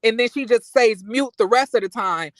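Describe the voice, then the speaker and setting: A man giving casual recap commentary on reality TV, animated and outraged, ranting with lots of profanity and restarts. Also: extremely high pitch, normal speed, dry recording, low-quality recording.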